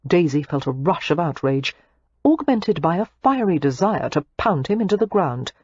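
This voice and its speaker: A woman narrating a romance audiobook in an expressive, scripted reading. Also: low-pitched, moderate pace, husky, no echo, lo-fi sound.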